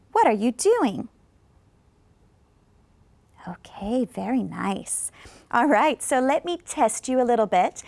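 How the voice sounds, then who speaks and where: A woman teaches English in a scripted lesson, her fairly high voice carrying a gravelly edge. She speaks in a dry, close studio sound, coaxing viewers to answer and drawing model sentences out slowly for them to repeat. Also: dry recording. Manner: slow, carefully drawn-out model sentences for repetition; encouraging, coaxes replies from viewers. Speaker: ESL teacher.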